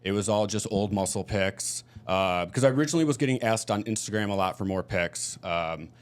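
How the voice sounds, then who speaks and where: Low-voiced Midwestern man, chatty guest. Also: brisk. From Michigan. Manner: candid, chatty storytelling. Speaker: podcast guest. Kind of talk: casual chat.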